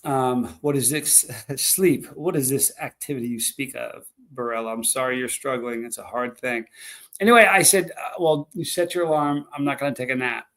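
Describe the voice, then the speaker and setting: A man hosts a live stream, rambling through stories and chatting casually with his viewers. His voice is medium-pitched and fairly bright, delivered at a normal speed.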